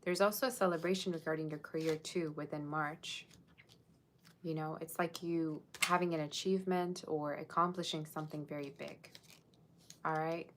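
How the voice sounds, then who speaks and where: A woman's voice: low-pitched, fairly even intonation, normal speed, a little hiss or hum. A woman giving a casual live-streamed tarot reading, chatting straight to her viewers in a musing, tentative way. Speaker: tarot reader.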